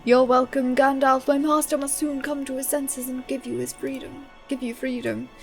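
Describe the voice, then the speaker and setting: A woman's voice: sits high, flat delivery, moderate pace, creaky, faint music behind. Woman voicing an earnest, kindly steward. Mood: reassuring. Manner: earnest, pleading, formal speech.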